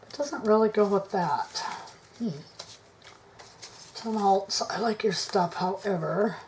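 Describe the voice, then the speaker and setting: A woman vlogging her craft work to camera on a tripod, thinking aloud, indecisive, often dropping into soft mutters. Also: mid-range voice, slow, a little hiss or hum. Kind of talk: casual crafting chat to camera.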